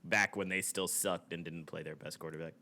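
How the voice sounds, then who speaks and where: A man's voice: low-pitched, fairly even intonation, fairly quick, bright, forceful tone. A young man in his twenties, co-hosting a podcast in casual, profane, laughing banter. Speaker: podcast co-host.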